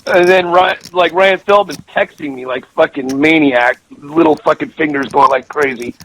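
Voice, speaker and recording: A man's voice: a little high, moderate pace, bright, forceful tone, a little hiss or hum, low-quality recording. A middle-aged man calling in as a professional gambler, telling a heated story with lots of swearing and repeated words. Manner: profane, emphatic, repeats himself. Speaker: guest caller, professional gambler. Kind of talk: heated storytelling on a call-in show.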